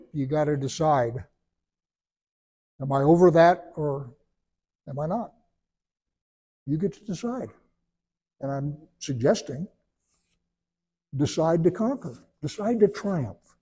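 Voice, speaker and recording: Man, sermon, conversational storytelling, husky mellow voice, slightly high pitch. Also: unhurried, long pauses. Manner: conversational storytelling preaching with animated voiced asides. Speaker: preacher.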